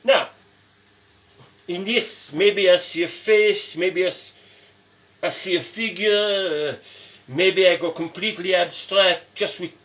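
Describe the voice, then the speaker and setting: A man's voice: sits high, a little slow, pauses often, fairly bright tone. A man in his seventies teaching a casual stone-carving lesson in his studio, playful and chatty, often adding "no?" to his sentences. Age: 70s. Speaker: sculptor teaching a carving course.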